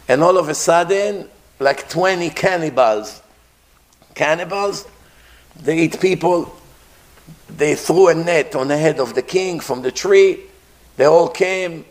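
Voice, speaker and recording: A man giving a sermon who tells a story, slowly and emphatically, repeating his phrases. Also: fairly high pitch.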